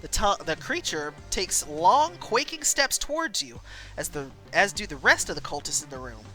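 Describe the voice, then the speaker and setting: A woman streamer reading a story game aloud, animated and quick. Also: low-pitched, faint music behind, poor audio.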